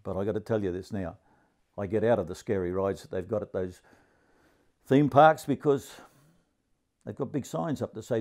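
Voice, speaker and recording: A man in his seventies with an Australian accent, telling a crude, grumpy stand-up comedy story in a deadpan way. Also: lowish voice, normal speed, long pauses. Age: 70s.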